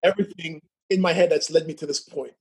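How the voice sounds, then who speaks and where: A man's voice: a little high, fast talker, darkish tone, slightly rough. A man telling stories as a guest in a casual chat, who laughs often, keeps asking "right?" and stutters at times. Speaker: podcast guest.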